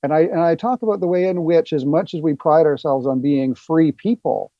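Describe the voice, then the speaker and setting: A man's voice: on the high side, mellow, no room sound. Earnest male author on dull audio. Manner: earnest and explanatory, with halting restarts. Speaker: author guest. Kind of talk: interview answers.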